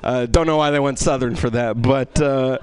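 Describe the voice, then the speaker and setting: A man doing a stand-up comedy set in a small club, self-deprecating with deadpan asides and lots of fillers. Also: mid-range voice, normal speed, clean tone, dry recording. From Egypt.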